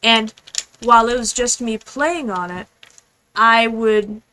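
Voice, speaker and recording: A young woman streaming a game, chatting casually in a rambling, fast, apologetic way. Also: on the high side, sharp tone, slight background noise, rough recording. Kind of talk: casual gaming stream chat.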